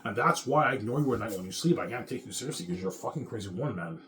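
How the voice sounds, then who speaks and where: Fast-talking man in a profane rant. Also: mid-range voice, animated, fairly bright tone. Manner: rambling, profane, bitter ranting. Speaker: vlogger. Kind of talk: casual rant to camera.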